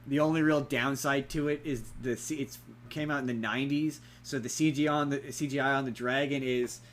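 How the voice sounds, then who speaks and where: A young man casually reviewing a movie on a podcast, rambling and animated, acting out quotes in silly voices. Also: mid-range voice, brisk, a little hiss or hum. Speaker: podcast co-host.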